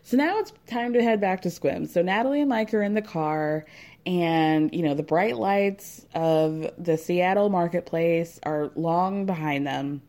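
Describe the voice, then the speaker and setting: With a fairly low, warm voice and an unhurried pace, a recap podcast host talks casually through a reality show. She's chatty, laughs frequently and puts on mock voices when quoting people.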